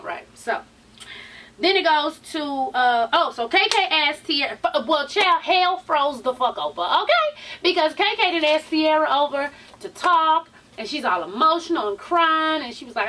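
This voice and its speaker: Woman vlogger, bright high voice, sassy tired gossip recap, sits a bit back from the mic. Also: lively intonation, moderate pace. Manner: sassy, chatty, swears freely, calls viewers honey and child. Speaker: vlogger recapping a reality show. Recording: voice somewhat far from the mic.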